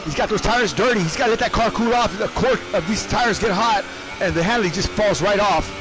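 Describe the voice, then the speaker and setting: High-voiced, excitable male race commentator. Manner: animated, shouting in bursts, repeats words rapidly. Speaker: race commentator and league team owner. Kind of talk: excitable live sim-racing commentary.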